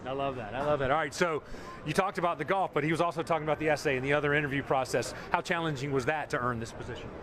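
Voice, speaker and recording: A man's voice: a little high, very fast, crowd noise. A man reporting live from a golf course, chatting upbeat with young players and laughing often. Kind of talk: live field interview and report.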